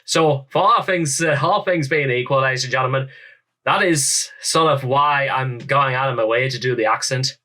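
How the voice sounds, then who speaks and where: Putting on a thick Irish accent over his English roots, a young man rambles theatrically as he hosts a reaction video with casual commentary. His voice is medium-pitched and sharp, at a normal speed.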